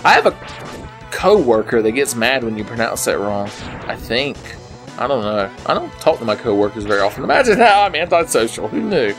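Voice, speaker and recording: A young man slurring a little while drinking, giving rambling, profane commentary on a game as he plays it, swinging between low mutters and sudden yells. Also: big pitch swings, a little fast, faint music behind. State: slightly drunk, slurring. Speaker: gaming video maker. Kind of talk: drunken let's play commentary. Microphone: headset.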